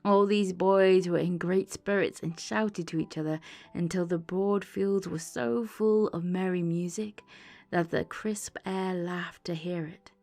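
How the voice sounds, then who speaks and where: A woman reads a classic tale aloud at a slow, unhurried pace in a somewhat low voice. Her bedtime-story narration stays calm and measured, with faint ambient music playing behind her. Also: gravelly. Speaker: audiobook narrator. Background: soft ambient music.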